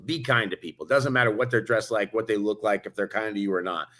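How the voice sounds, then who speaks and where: A man talks fast and with energy, co-hosting a motivational podcast. He tells stories and acts out each part of the dialogue himself. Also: on the low side. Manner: energetic storyteller acting out quoted dialogue. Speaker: podcast co-host. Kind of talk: motivational casual chat. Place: Las Vegas hotel.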